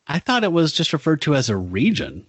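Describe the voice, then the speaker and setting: A man's voice: on the high side, huge pitch swings, fairly quick, husky, dry recording. A man co-hosting a podcast, ranting casually and profanely like a self-described pedant. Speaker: podcast co-host. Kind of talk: casual chat.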